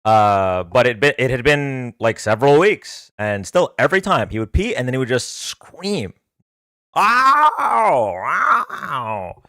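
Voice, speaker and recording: Guy streamer rambling thru a story, smooth voice, dry close mic. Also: mid-range voice, lively intonation, normal speed, few pauses, fairly bright tone, no room sound. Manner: rambling, filler-heavy, with frequent restarts. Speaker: livestream host. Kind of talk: casual storytelling.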